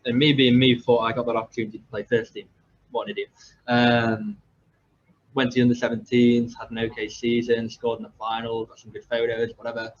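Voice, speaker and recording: A man's voice: medium pitch, little pitch movement, brisk. A young man from England, a podcast host, telling his story in a rambling, self-deprecating way with many fillers and restarts. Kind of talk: casual storytelling. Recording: slightly dull lo-fi audio with faint background noise.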